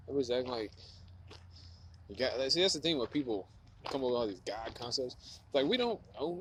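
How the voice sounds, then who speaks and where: Guy rambling to himself, bright tone, cussing, "like" every other word, faint water sound. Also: medium pitch, a little hiss or hum, low-quality recording. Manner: profane, musing, heavy on filler "like". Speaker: vlogger. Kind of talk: rambling stream-of-consciousness monologue. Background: running water.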